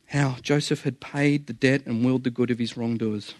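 A man's voice: mid-range voice, fairly even intonation, normal speed, a little mellow. A man preaching a sermon in an earnest, conversational way, often repeating phrases for emphasis.

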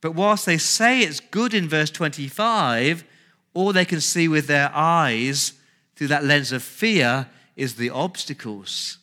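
Bright, emphatic male preacher. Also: on the high side, slow pace. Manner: emphatic preaching with rhetorical questions and repetition. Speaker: pastor. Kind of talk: sermon.

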